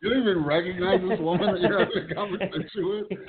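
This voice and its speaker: A man's voice: high-pitched, quick pace, a loud crowd. A man in his forties co-hosting a podcast, making dry, brief remarks and reading out headlines. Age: 40s. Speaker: podcast co-host. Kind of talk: casual chat. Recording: phone-like call with noise.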